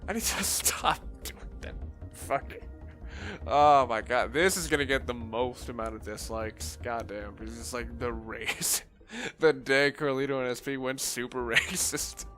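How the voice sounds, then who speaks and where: A young man giving let's play commentary, excitable and thinking out loud, swearing a lot. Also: medium pitch, unhurried, music in the background.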